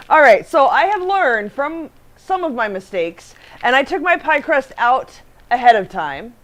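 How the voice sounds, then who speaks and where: A woman's voice: high voice, sing-song, measured pace, a bit bright. A woman hosting a casual baking livestream, chatting with her co-host, reading viewer comments aloud and laughing often.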